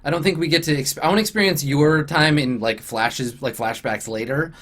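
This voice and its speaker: A man's voice: a little high, a little fast, a bit bright. A man narrating as game master in a tabletop game, casual and chatty with many fillers, often laughing.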